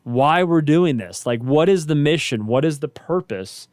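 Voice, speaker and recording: A man's voice: on the high side, animated, unhurried, darkish tone, no room sound, studio quality. A man who is a pastor and co-host, speaking in a reflective, conversational way about finding purpose. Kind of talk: casual faith talk.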